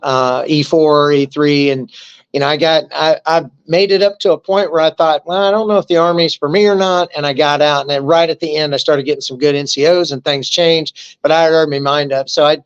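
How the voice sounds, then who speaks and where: A man's voice: on the high side, fairly even intonation, fairly quick, clear, resonant tone, muffled recording. A man in his fifties, an army veteran, telling stories in a casual, joking interview. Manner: joking, easygoing storyteller who acts out quotes.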